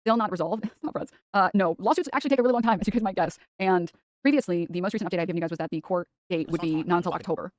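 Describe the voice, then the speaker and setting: A woman talks quickly and casually as she gives her viewers an update. Her pitch sits in the middle. The recording is dry and close. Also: a little mellow, dry recording. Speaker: content creator.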